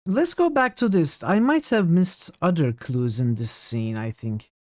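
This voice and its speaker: Lively, chatty game streamer. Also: medium pitch, a little slow, no echo. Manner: chatty, thinks aloud and answers chat. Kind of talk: casual gameplay commentary.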